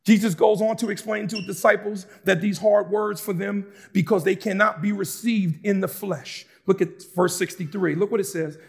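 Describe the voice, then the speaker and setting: A man preaching a sermon, moving between calm explanation and fervent shouting with casual asides to the congregation. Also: high voice, normal speed, creaky, few pauses, husky. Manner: shouts and preaches with rising intensity, conversational asides. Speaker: pastor.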